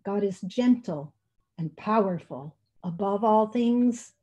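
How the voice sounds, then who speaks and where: A woman voicing a wise, quiet old female turtle in a storybook reading, speaking slowly and gently. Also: mid-range voice, expressive, dull audio. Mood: gentle. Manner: slow, gentle storytelling cadence. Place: church.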